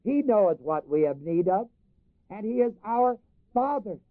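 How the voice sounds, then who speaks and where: Male preacher, high voice, scripture reading, repeats for emphasis, dry phone-like sound. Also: very animated, unhurried, no room sound. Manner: reads scripture in old King James wording, then explains it to the congregation; repeats phrases for emphasis and asks the audience to finish lines. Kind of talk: sermon.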